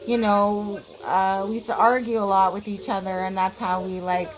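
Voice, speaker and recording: A woman's voice: mid-range voice, flat delivery, normal speed, poor audio. A woman in her forties from Canada, telling blunt, profane stories from her childhood in a casual vlog, full of fillers. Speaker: vlogger.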